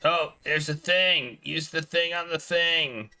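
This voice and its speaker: Gravelly, bright-voiced man reading game text. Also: a little high, slow. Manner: reads game text in a flat storytelling tone, breaks off into playful asides. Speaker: game streamer. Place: home streaming setup.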